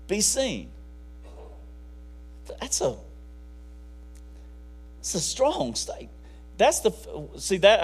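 A high-voiced man delivers a folksy sermon in a conversational tone, with sudden bursts of emphasis. He sounds like a preacher talking to his congregation.

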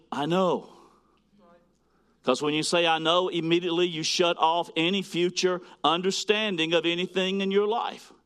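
Reading scripture during a sermon, this pastor alternates between forceful, loud declarations and soft, hushed asides to his congregation. He speaks at a fairly high pitch with a clean tone.

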